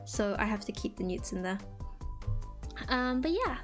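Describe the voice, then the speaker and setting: A woman's voice: medium pitch, animated, moderate pace. A young woman from England chatting casually with her stream viewers, rambling with lots of fillers. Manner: rambling, filler-heavy, chirpy. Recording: faint music behind.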